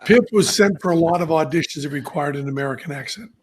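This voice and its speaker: A man hosting a podcast, telling stories in a casual, animated way and laughing at his own anecdotes. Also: a little high, fast talker, slightly rough. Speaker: podcast host. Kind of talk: casual storytelling chat.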